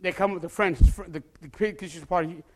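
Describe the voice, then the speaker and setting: A male pastor preaching a testimony with passion, often bursting into shouts and repeating words as he starts a phrase. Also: sits high, fairly even intonation, a little fast.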